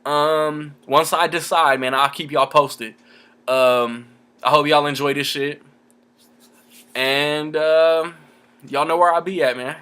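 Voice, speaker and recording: A man's voice: a little high, steady tone, takes it slowly, bright, forceful tone, clear, resonant tone. A young man ranting casually about his favorite movies, loose and profane, full of filler words. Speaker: vlogger reviewing movies. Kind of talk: casual movie rant to camera.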